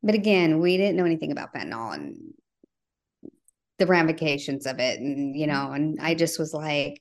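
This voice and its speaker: A middle-aged woman, a podcast guest, telling a personal family story earnestly and acting out the dialogue, her voice sinking low at the heavy parts. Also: big pitch swings, normal speed, creaky. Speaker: podcast guest, bereaved mother.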